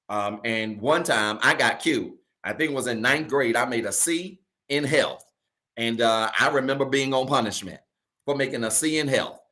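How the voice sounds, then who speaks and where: A man's voice: medium pitch, fairly bright tone. A middle-aged man from Virginia, preaching a sermon as pastor. He is emphatic and repeats key lines for his congregation.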